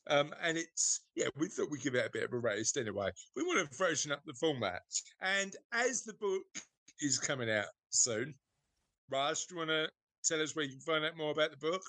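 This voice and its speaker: A man's voice: fairly high pitch, lively intonation, brisk, sharp tone, no echo. A man co-hosting a podcast in casual chat, teasing and rambling with many fillers. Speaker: podcast co-host.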